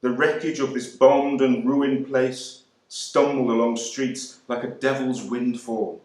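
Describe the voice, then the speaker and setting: Man reading as young ex-serviceman, wry, disillusioned, slow and deliberate, roomy echo. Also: mid-range voice, fairly even intonation, a little mellow, lightly acted. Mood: wry, bitter. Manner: wry, conversational address to the listener. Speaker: actor reading a novel monologue. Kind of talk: dramatic monologue reading.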